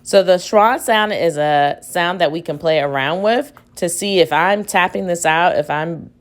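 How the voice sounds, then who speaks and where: A woman teacher records a reading lesson for children from home. She speaks slowly and patiently in a somewhat low voice, sounding out each word aloud.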